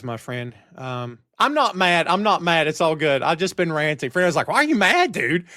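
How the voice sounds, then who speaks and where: A middle-aged man with a voice on the high side hosts a live wrestling talk show podcast from a home studio on camera. Using headphones and a studio mic, he rants with animated energy and reads out chat comments, captured in a dry, clean studio recording.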